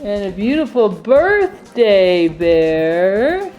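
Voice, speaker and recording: A woman's voice: mid-range voice, big pitch swings, drawn-out words, lo-fi sound. A woman hosting a playful family video, cheerfully announcing each toy and laughing often. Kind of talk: playful commentary. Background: music.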